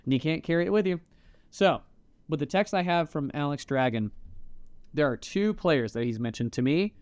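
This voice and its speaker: A man's voice: fairly high pitch, moderate pace, smooth, dry recording. A man co-hosting a podcast in a casual, joking chat with a friend. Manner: animated, joking banter. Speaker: podcast co-host. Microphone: podcast mic.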